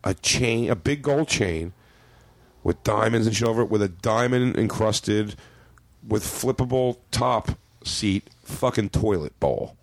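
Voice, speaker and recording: A man with a somewhat low voice holds the floor as a comedian on a casual podcast. He rambles through profane stories, slipping into quoted voices. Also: unhurried, no room sound.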